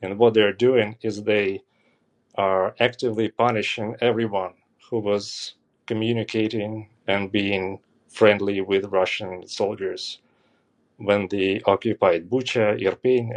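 A man's voice: fairly low pitch, steady tone, takes it slowly. A man calling in to a live show, talking at length in a rambling, emphatic way. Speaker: caller. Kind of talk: call-in commentary.

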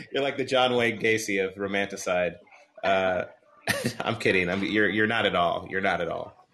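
A man's voice: deep voice, normal speed, fairly bright tone. A man hosting a podcast in casual chat, joking and teasing, swearing freely. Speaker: podcast host.

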